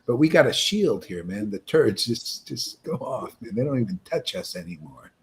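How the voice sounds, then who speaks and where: A man with a husky, slightly breathy voice leads a meditation talk, swinging his pitch widely as he jokes. He rambles casually and often breaks into laughter at his own lines. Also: big pitch swings, moderate pace. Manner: loose, joking and rambling, with frequent "man" and "you know". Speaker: spiritual teacher leading a meditation session. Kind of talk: casual spiritual talk on a livestream.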